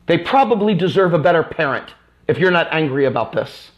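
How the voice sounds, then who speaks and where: Angry guy ranting on his live stream, high-ish voice, keeps repeating himself and cussing. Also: animated, fairly quick, lo-fi sound. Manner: angry, emphatic, repetitive, profane. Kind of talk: impassioned political rant.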